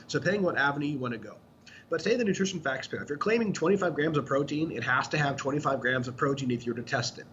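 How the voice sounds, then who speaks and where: A man's voice: on the high side, lively intonation, racing, fairly bright tone. A man co-hosting a podcast, explaining supplement labels in a blunt, profane, casual way. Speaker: podcast co-host, supplement expert. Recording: slightly dull audio with faint ambient noise.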